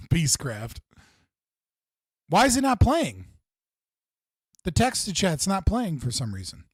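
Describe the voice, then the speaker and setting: A man's voice: sits high, wildly swooping pitch, slow, pauses often, slightly rough, no echo, studio quality. A man hosting a live stream, ranting in a heated, profane way and repeating himself for emphasis. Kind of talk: livestream political rant.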